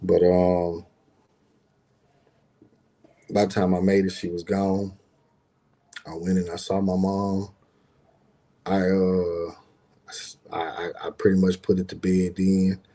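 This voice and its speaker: A man's voice: deep voice, little pitch movement, takes it slowly, pauses often, mellow. A middle-aged man casually telling a personal story as a podcast host, loose and conversational, with lots of "you know what I'm saying".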